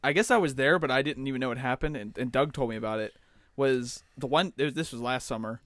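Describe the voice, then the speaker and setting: A young man trades deadpan jokes in loose podcast banter. His voice is mid-pitched and plain, recorded close and dry. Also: fast talker, no echo. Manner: wry, deadpan quips. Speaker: podcast co-host. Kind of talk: casual chat.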